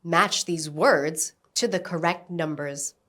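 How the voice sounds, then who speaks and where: A woman teaching an English lesson, giving slow, carefully enunciated instructions and modelling words for repetition. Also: low-pitched, bright, forceful tone. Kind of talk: slow, clear classroom instruction.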